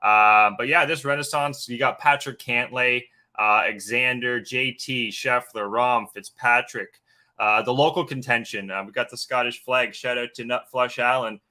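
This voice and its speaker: A man's voice: mid-range voice, steady tone, a little slow, sharp tone. A man hosting a live golf betting stream, chatting casually with many fillers and greeting viewers in the chat. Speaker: sports betting podcast host.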